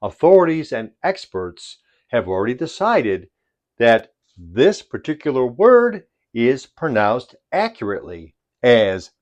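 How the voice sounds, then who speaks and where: Slow Chicago-accented man teaching English. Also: on the low side, very animated, darkish tone, highs cut off. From United States. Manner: slow, deliberate, stresses words one by one. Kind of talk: vocabulary lesson to camera.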